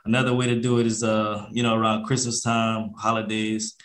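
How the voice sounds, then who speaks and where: A man's voice: lowish voice, monotone, brisk, a bit bright, a little hiss or hum. A young man, a podcast guest, talking casually and with slang about real estate deals, sometimes acting out phone calls in a livelier voice. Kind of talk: casual interview talk.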